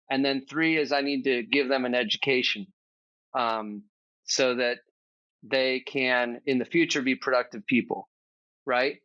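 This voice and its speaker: A man's voice: mid-range voice, sharp tone, clean tone, dry recording, muffled recording. A man speaking as a podcast guest in a casual, earnest, reflective conversation, thinking aloud with fillers.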